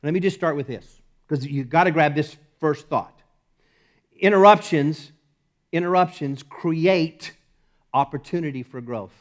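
A male pastor preaches to his congregation in a somewhat high voice. He leans on repeated phrases and swings his volume from punchy and loud down to quiet and hushed. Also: measured pace. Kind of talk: sermon. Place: church service.

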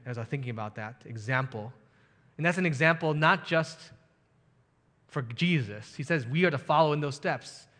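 Bright-voiced male pastor preaching in a hall. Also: on the high side. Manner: earnest storytelling, building to emphatic rhetorical questions. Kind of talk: sermon.

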